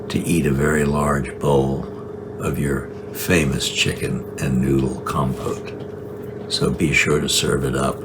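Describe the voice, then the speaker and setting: A man's voice: a bass voice, background noise. A man recording a joking birthday video message for his mother-in-law, with dry, wry humor. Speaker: son-in-law sending video greeting.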